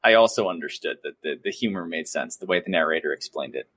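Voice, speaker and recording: A man co-hosting a podcast, chatting casually in a playful, expressive way with joking flourishes. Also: deep voice, fast talker, slightly rough, dry recording. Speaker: podcast co-host. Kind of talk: casual chat.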